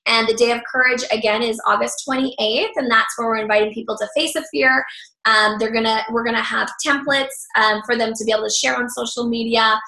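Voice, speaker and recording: Woman, encouraging group leader, slightly worn voice, bright tone, echoey room. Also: a little high, fairly even intonation, a little fast, creaky. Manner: upbeat, encouraging, loose with fillers. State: slightly losing her voice. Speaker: group leader running a training call. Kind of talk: online training call.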